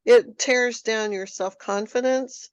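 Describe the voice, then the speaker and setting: A woman hosting an interview, candid and animated as she shares personal stories. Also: a little high, takes it slowly, clear, resonant tone, no room sound. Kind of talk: conversational interview. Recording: dull lo-fi dry sound.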